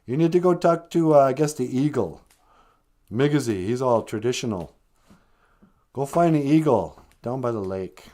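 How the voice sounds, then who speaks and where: A man's voice: medium pitch, expressive, warm tone, lightly acted. A man voicing a sly, bossy male fox who mocks and bluntly talks down to a smaller friend. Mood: offhand. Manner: fast, mocking and blunt, laughs at the other.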